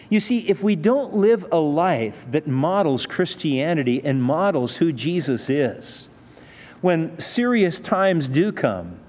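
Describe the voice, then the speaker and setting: Pastor, male, slightly high voice, relaxed explanatory preaching, long hall reverb. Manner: conversational, with rhetorical questions. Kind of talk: expository sermon.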